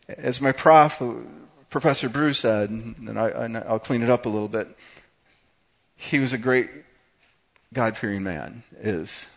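A man's voice: medium pitch, measured pace, vocal fry. Fiery man preaching a sermon, lo-fi. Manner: builds from quiet to fiery, emphatic preaching. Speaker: pastor.

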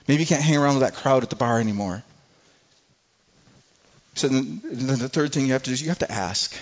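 A man preaching a sermon to a congregation with passion, swinging from soft, low moments to loud, high pleas and often repeating words. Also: a little fast, highs cut off. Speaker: pastor.

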